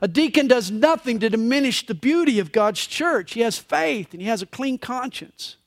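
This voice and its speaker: High, lively-voiced male preacher. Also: normal speed, no echo, clean studio sound. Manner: expressive storytelling preacher. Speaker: pastor. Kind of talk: sermon. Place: church service.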